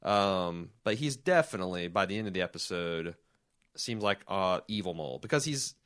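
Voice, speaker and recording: A man's voice: sits low, expressive, normal speed, fairly bright tone, clean tone. A man co-hosting a podcast, chatting casually and rambling with profanity and restarted sentences. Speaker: podcast co-host. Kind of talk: casual chat.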